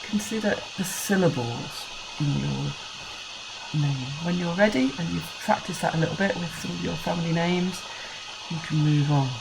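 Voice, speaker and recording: English primary teacher, low voice, patient and clear, faint hiss behind. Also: female voice. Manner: slow, clear counting of syllables for children. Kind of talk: recorded screencast lesson.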